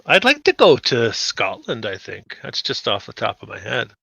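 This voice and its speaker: Laid-back guy, gravelly voice, dull lo-fi mic. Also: mid-range voice, huge pitch swings, normal speed, bright, forceful tone, no room sound. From Western Canada. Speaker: podcast co-host. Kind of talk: casual chat.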